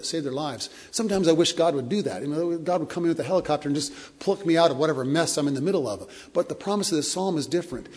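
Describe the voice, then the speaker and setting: A man preaching a sermon as a pastor, earnest, often repeating words and dropping to a soft, slow hush. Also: a little high, breathy edge. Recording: long hall reverb.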